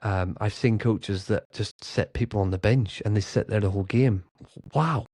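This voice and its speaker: A man speaks in a low, mellow voice, telling an earnest story as a grassroots coach. He gets animated when he acts out what others said. The sound is dry and close. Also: moderate pace, no echo. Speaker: grassroots football coach and podcast host. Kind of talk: casual storytelling monologue.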